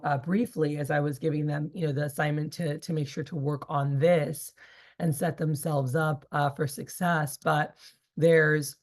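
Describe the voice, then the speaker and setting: Woman, 30s, sales team leader; lower voice, casual and rambling training talk. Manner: chatty, rambling with many fillers.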